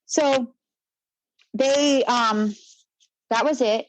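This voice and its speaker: Young woman, podcast guest, Navy veteran; fairly high voice, blunt and profane, rambling candid storyteller; dry close mic. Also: very slow, no room sound, poor audio. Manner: rambling with restarts and trailing fillers.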